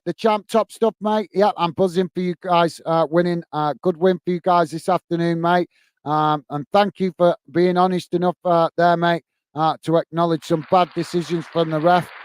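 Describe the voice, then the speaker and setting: Bloke rushing thru his live chat comments, slightly high voice, smooth and clear, dry close sound, lots of uhs and mate. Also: a little mellow, dry recording. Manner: hurried, filler-heavy, chummy, calls everyone mate. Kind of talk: casual live-stream chat.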